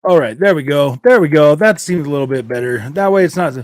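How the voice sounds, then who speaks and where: A man's voice: on the high side, expressive, fast talker, no room sound, clean studio sound. A man hosting a casual gaming livestream, rambling, repeating himself and laughing between thoughts. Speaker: gaming channel host.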